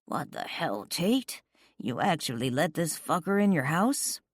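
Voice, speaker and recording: A woman's voice: low voice, very animated, unhurried, no room sound, studio quality, exaggerated voice. A woman reading a protective, hot-headed young man who snarls threats, in an audiobook. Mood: angry. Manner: angry and threatening.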